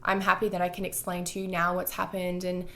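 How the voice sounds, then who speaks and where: A woman's voice: fairly low pitch, monotone, a little fast, pushed and bright. A young woman telling a personal storytime to her vlog viewers, candid and full of "like" fillers and swearing. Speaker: vlogger.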